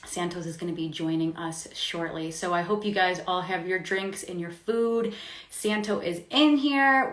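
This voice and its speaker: A woman's voice: lowish voice, echoey room. A woman hosting a live-streamed interview show, upbeat and chatty, laughing often. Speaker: host.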